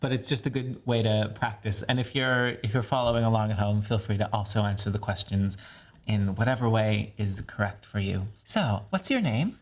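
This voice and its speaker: A man's voice: little pitch movement, a little fast. A man with a North American accent, coaching a voice training lesson in an encouraging, playful way. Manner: encouraging, playful, demonstrates pitch lifts and counting.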